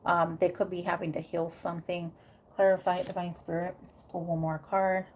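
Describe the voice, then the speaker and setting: A woman's voice: on the low side, little pitch movement, normal speed, slight background noise. A woman giving a casual tarot reading, thinking aloud with many fillers and frequent "okay?" check-ins. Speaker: tarot reader.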